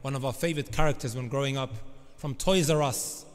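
A man's voice: mid-range voice, fairly quick. A man preaching a sermon, emphatic and often turning to address the congregation directly. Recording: long reverb of a large hall.

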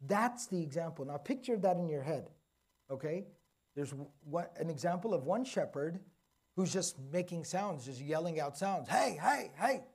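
A man giving a religious lecture to a live audience. He explains carefully, slows down to stress key words and keeps checking in with "okay?" and "right?". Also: fairly high pitch, expressive, a little mellow. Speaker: Quran teacher.

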